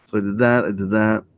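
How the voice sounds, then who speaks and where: A man's voice: on the low side, no echo. A man hosting a late-night livestream, talking in a rambling, hesitant way with many restarts and sudden lifts in voice. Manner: rambling, hesitant, full of restarts, animated when quoting. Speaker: livestream host.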